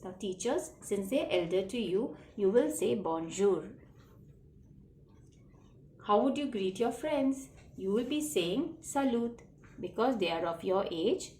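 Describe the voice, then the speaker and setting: A woman with a mid-range, darkish voice teaches a children's French lesson, patiently repeating phrases and spelling words out letter by letter. The room is echoey, with faint background noise.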